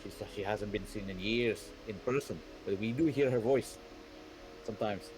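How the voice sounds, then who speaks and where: A man's voice: fairly low pitch, moderate pace, background noise. A young man narrating as game master for a tabletop game, talking in a loose, rambling way and often restarting his phrases.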